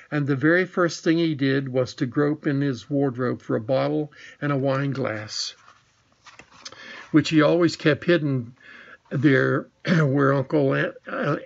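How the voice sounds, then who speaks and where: Man, storybook narration, gravelly, slightly high, muffled lo-fi sound, small slips. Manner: reads with small slips and restarts. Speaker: audiobook narrator. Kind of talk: storybook reading.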